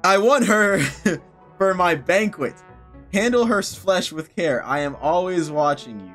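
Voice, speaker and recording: A cold, sinister gentleman's letter, read out by a man in a game, delivered in a measured way. Faint music sits behind the voice. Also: high voice, expressive, exaggerated voice. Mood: ominous.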